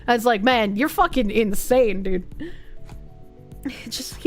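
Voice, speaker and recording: A woman's voice: a little high, lively intonation, slow pace. A young woman streaming, chatting casually, reading chat aloud, and swearing freely as she talks. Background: faint music.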